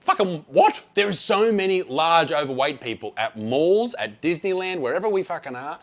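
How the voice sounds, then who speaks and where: A man's voice: a little high, lively intonation, moderate pace. A man with an Australian accent giving a blunt, profane and sarcastic travel review. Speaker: travel vlogger.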